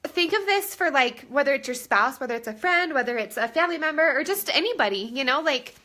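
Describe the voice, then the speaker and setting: Her voice is high, bright and forceful as she rambles through a casual live-stream chat full of fillers. The woman, in her thirties, is in a room at home with her phone held out at arm's length.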